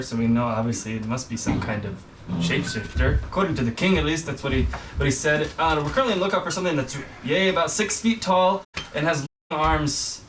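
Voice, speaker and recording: A man's voice: on the high side, close to an everyday voice. A man voicing nervous gnome guards who stammer and fumble their words, recorded from a distance with background noise. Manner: hesitant, stammering with many ums.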